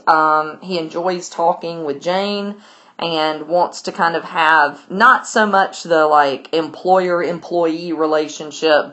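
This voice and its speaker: A woman with a notably low-pitched voice talks through a literature lesson. She paraphrases the chapter loosely and chattily, leaning on fillers as she goes. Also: fairly bright tone. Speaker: literature teacher. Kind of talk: recorded lesson summarizing a novel.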